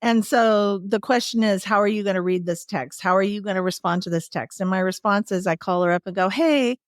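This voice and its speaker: Brisk and mid-range, a woman in her sixties recounts caregiving experiences as a conversational guest, laughing a lot along the way. The studio-quality audio has no echo, and her storytelling is lively.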